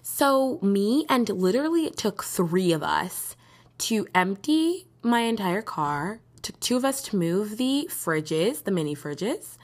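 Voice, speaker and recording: A woman's voice: medium pitch, sing-song, slow. A young woman hosting her own podcast, telling rambling stories in casual chat and laughing often. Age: young adult. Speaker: podcast host. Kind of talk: casual solo podcast storytelling.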